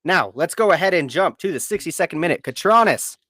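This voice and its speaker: A man's voice: a little high, animated, fast, fairly bright tone, breathy edge, no echo. Earnest male podcast co-host, dry sound. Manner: earnest, heartfelt, repeats words for emphasis. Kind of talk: casual live podcast talk.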